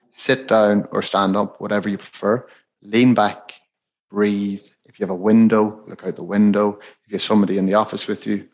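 A man with a low, gravelly voice that sinks into vocal fry, co-hosting a podcast. He hands out sales tips in a relaxed, rambling, conversational way. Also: highs cut off. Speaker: podcast co-host. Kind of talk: casual podcast chat giving sales advice.

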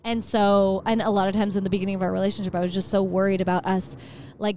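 A woman's voice: medium pitch, a little mellow, slight background noise. A woman guest on a casual podcast, telling long rambling stories full of "like.". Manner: rambling storyteller, heavy use of "like". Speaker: guest comedian.

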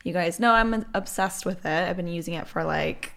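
Young woman, podcast co-host, somewhat low voice, vocal fry, chatty and upbeat. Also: moderate pace, fairly bright tone. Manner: chatty, filler-heavy, upbeat. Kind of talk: casual podcast chat and ad read.

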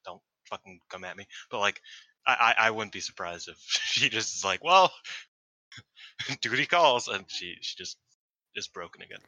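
Podcast dude rambling, lots of likes and um, super bright voice, dry mic. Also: male voice, deep voice, normal speed, dry recording, poor audio. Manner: rambling, swears casually, filler-heavy. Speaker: co-host. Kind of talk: casual wrestling podcast chat.

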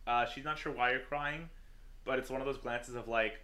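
A man serves as game master for a tabletop game and narrates the scene at an easy pace. He often pauses on fillers. A faint noise sits under his voice. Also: mid-range voice. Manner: relaxed, with many fillers.

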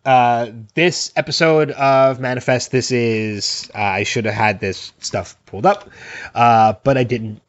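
Halting, laughing man co-host. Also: medium pitch, fairly even intonation, dry recording, muffled recording. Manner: halting with fillers, laughs often. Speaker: podcast co-host. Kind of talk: casual TV recap chat.

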